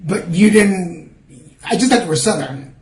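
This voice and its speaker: A man's voice: high voice, lively intonation, moderate pace, reverberant, low-quality recording. A man in his forties hosting a podcast interview in a friendly, easy-laughing way. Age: 40s. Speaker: podcast host.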